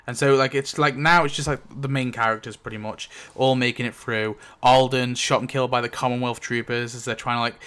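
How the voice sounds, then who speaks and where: A man on his own channel recaps a story rewrite settled by dice. He rambles and fills every gap with "like," often breaking into chuckles, in a voice of ordinary male pitch. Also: fairly even intonation, a little fast, few pauses, a bit bright, smooth. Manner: rambling, full of "like" fillers and chuckles. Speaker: YouTube host. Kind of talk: casual narration of a dice-rolled story rewrite.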